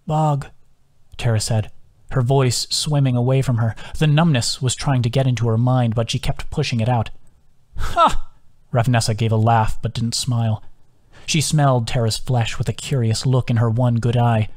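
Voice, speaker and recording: A man's voice: mid-range voice, flat delivery, moderate pace, darkish tone. Man reading an audiobook steadily. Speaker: author reading his own novel. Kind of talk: audiobook narration.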